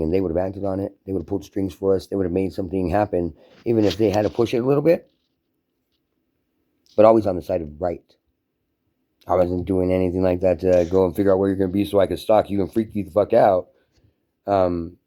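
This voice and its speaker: A man's voice: sits low, mellow. A man delivering a profane, emphatic, run-on rant to camera. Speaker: vlogger. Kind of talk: casual ranting monologue.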